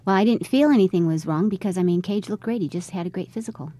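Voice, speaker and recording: In an interview, a middle-aged mother tells a family story, acting out what people said as she goes. Her voice is medium-pitched and dark, she talks fast and conversationally, and there's no echo.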